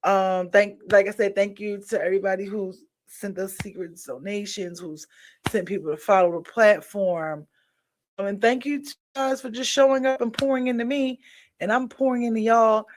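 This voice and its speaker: Woman host, worn-out but chatty, warm sign-off talk, mid-pitched. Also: steady tone, moderate pace, a little hiss or hum. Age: adult with a daughter. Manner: chatty, encouraging, loose slangy talk. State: tired. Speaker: livestream show host. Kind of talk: casual sign-off chat with viewers.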